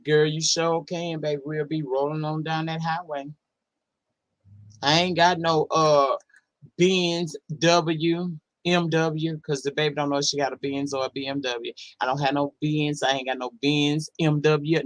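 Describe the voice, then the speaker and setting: A woman's voice: low-pitched, flat delivery, measured pace, dry recording. A woman hosting a casual livestream, reading out chat comments in a blunt, profane, sassy way and drawling words for emphasis. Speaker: livestream host.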